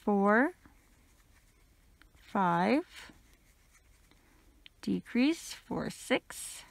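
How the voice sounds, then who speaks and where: A woman teaching a crochet pattern, counting stitches out loud, her voice a little crackly today. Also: medium pitch, gravelly. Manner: slow, steady counting. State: slightly crackly voice. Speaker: crochet instructor.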